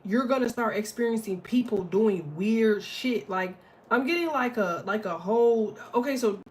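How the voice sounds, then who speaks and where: A woman in a mid-pitched voice giving an offhand spiritual reading. She talks bluntly and swears freely, circling back on herself with many fillers. There is faint noise behind her. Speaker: astrology and tarot reader.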